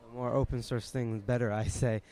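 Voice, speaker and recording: A man's voice: medium pitch, level tone, brisk, dark tone. A man interviewing a guest at a conference, casual and hesitant, full of uhs and likes. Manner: hesitant, lots of uh and like.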